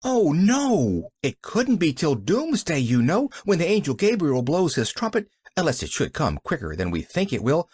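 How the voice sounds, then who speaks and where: Man doing a high, eager little girl, chattering brightly, storybook audiobook. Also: very animated, fairly quick, hardly any pauses, breathy edge, no room sound. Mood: eager cheerful.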